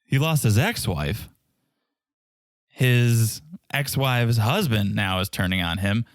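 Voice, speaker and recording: A man's voice: lowish voice, animated, takes it slowly, no echo, studio quality. A man co-hosting a podcast, wry and teasing in casual chat. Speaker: podcast co-host.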